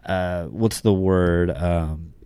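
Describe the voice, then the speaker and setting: A man's voice: low voice, fairly even intonation, extremely slow, dark tone, clean tone, no echo, studio quality. A man co-hosting a casual podcast chat, swearing freely and sometimes searching for words. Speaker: podcast co-host.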